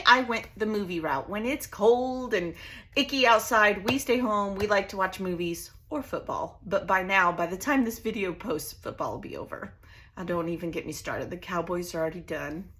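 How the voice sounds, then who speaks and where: A bubbly woman chats her way through a craft tutorial at her home table. Her voice is bright and forceful, and it swings all over the place as she gushes. She sounds casual and friendly, like she is talking to regulars. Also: medium pitch. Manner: bubbly, chatty, gushing. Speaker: crafting channel host.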